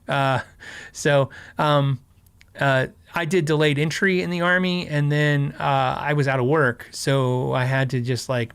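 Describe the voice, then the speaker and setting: A medium-pitched, clean-toned voice on a dry recording belongs to a middle-aged Arizona man hosting a casual livestream. He tells stories in a rambling way, laughing often and peppering his talk with fillers and restarts.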